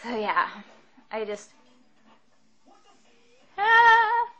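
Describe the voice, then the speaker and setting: Young woman, slow unhurried pace, rambling and self-deprecating, laughs often, casual vlog. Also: mid-range voice, muffled recording. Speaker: vlogger.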